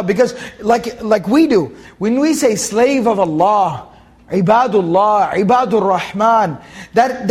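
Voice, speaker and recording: A man with a notably high-pitched voice gives a Quran commentary lesson. He stresses his points by repeating key phrases. He breaks into a chanted recitation when quoting Arabic verses. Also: a little mellow. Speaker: Quran teacher.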